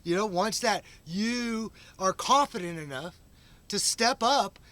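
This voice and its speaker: A man's voice: high voice, expressive, slow, sharp tone. A man talking in a rambling, unscripted monologue, full of restarts and fillers. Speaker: vlog host.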